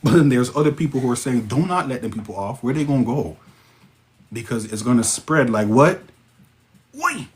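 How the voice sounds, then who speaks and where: A man with a Jamaican accent hosting a casual livestream, reading viewer comments and breaking into sudden high exclamations. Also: a little fast. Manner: excitable, interjects sudden high-pitched exclamations. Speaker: livestream host.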